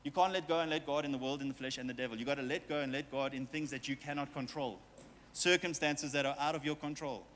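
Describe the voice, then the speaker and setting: A man's voice: fairly high pitch, fairly bright tone, in a large hall, a little hiss or hum. A man preaching a sermon as pastor, talking straight to his congregation with playful asides and quoted voices. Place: church hall with long reverb.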